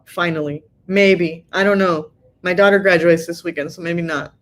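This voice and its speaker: A woman's voice: on the low side, steady tone, normal speed. A tired middle-aged woman hosting a casual livestream, reading viewer comments aloud in a chatty way, laughing often and using many fillers. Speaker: livestream host.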